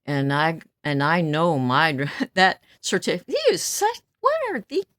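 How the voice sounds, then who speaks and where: A woman in her seventies talks straight into the mic in a blunt, stern, outspoken way. Her voice sits low and moves slowly, yet leaps widely up and down in pitch. The recording is dry and close. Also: fairly bright tone, no room sound. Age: 70s. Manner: blunt, stern and outspoken, laughs between remarks. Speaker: vlogger. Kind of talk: casual venting monologue.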